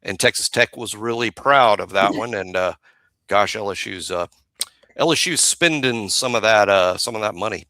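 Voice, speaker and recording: A man's voice: on the low side, moderate pace, pushed and bright, no room sound. A man co-hosting a casual sports podcast, giving chatty analysis with stammering restarts. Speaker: podcast co-host.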